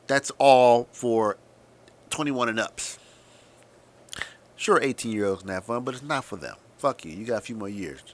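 A man hosting a podcast, delivering a sarcastic, profane comedic monologue that swings between loud emphasis and muttered asides. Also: on the low side, expressive, normal speed, pauses often. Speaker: podcast host.

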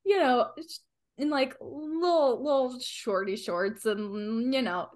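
A woman's voice: high voice, slow pace, a little mellow. A woman player describing her character in a tabletop game, chatty and giggly.

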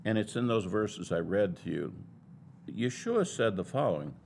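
A man's voice: lowish voice, expressive, moderate pace, gravelly, a little mellow, a little hiss or hum. A man teaching a Bible lesson in a sermon style, building his points in an emphatic, argumentative way.

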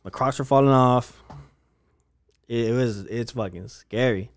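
A young man tells a wild story in casual podcast chat, swearing constantly, using slang and animatedly acting out what people said. His voice is medium-pitched and measured, with no echo.

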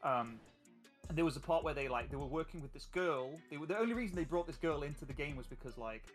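A man's voice: fairly high pitch, quick pace, faint music behind. A man in casual podcast chat, eagerly retelling the story of the tabletop game he runs and laughing along the way. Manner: animated, laughing while recounting game plot. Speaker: podcast guest, game master.

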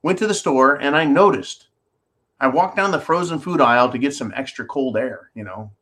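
Holding things up to the camera as he talks, this commentary host reads out viewer comments and launches into sarcastic, profanity-laced, rambling rants in a call-in style format. He has a medium-pitched, fairly bright voice and a moderate pace.

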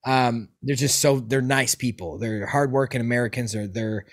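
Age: adult. Sex: man. Role: podcast host. Style: casual chat, profane storytelling, lots of restarts. Pitch: medium. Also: normal speed, gravelly.

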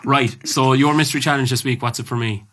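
A man's voice: medium pitch, fairly even intonation, fast talker, a bit bright. A young Irish man co-hosting a podcast, chatting casually and teasing his friend with frequent laughs. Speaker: podcast co-host. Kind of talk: casual chat.

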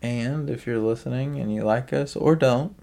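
A man's voice: mid-range voice, normal speed, vocal fry, mellow. A man co-hosting a podcast in casual chat, giving dry, wry retorts. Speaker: podcast co-host.

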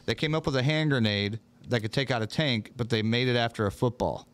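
A man's voice: medium pitch, a little fast, fairly bright tone. A man co-hosting a casual chat show, joking and swearing a lot. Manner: profane, joking, slips into put-on Southern voices. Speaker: podcast co-host.

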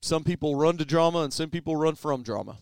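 A man co-hosts a casual sports podcast, musing thoughtfully and trailing off as he restarts. His voice is gravelly with fry yet smooth and resonant. The recording is dry and close. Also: fairly high pitch, fast talker, no room sound. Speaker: podcast co-host.

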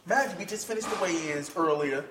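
Racing through a story, a male fighter on a podcast imitates the characters' voices, laughs a lot, and curses freely. His pitch is fairly high, and the recording is reverberant and far from the mic, with crowd noise around him.

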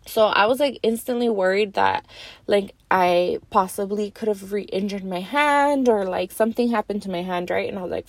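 A young woman vlogger telling a story in a casual, animated way, lots of fillers and swearing. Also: a little high, moderate pace, no echo.

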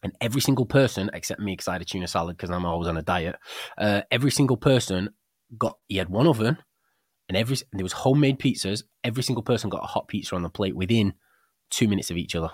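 British man, podcast co-host, quick talker, lowish voice, rambling storyteller, dry close mic. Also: dry recording. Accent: British English. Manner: rambling storyteller, many restarts and animated quoted dialogue. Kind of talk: casual chat about a book.

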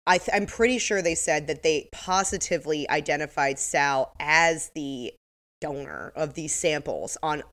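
Woman co-host, low-set voice, casual episode recap, breaks into laughs. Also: a bit bright. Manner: laughs often, acts out quotes. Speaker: podcast co-host.

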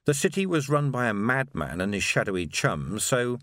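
A man narrates a scripted audiobook with expressive, animated storytelling. His mid-range voice moves at normal speed, and the recording is dry with clean studio sound.

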